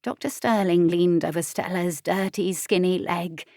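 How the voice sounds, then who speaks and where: A woman tells the story with expressive, lively delivery. Her voice sits somewhat low for a woman. The recording is dry and close, with no room echo. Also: unhurried. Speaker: audiobook narrator. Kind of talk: scripted audiobook narration.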